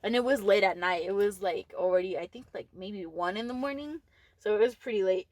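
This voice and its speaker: A woman's voice: medium pitch, fairly quick, a little mellow, dry recording. A young woman with a Texan accent, co-hosting a casual podcast and telling stories with lots of laughter and swearing. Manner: laughing storyteller, swears freely. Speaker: podcast co-host. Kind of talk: casual chat.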